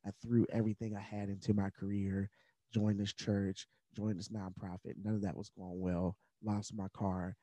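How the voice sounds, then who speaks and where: A man speaks as a podcast guest, sharing his story in an earnest, candid and casual way. His voice sits low with a warm, mellow tone. The recording is dry and close. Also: little pitch movement, normal speed, dry recording. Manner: earnest, candid, at times emotional; conversational with fillers like uh and like. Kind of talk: personal storytelling in conversation.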